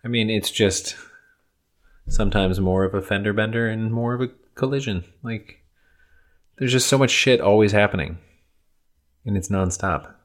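A man's voice: fairly low pitch, moderate pace, pauses often. A man co-hosting a casual chat, asking wry questions. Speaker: podcast co-host.

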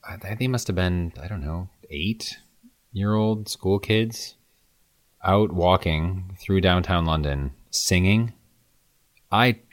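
A man's voice: low-pitched, no echo, clean studio sound. A man from the Midwest, chatting casually and telling stories with enthusiasm. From American Midwest. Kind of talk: casual chat.

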